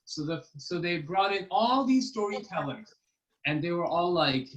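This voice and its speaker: A man telling a children's story to families in a lively way, often checking in with his listeners. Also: high voice, normal speed, distant mic, low-quality recording.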